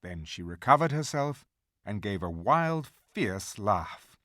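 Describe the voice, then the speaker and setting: A man narrating a fantasy audiobook in a measured, dramatic storytelling manner. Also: lowish voice, sing-song, a bit bright, dry recording, clean studio sound.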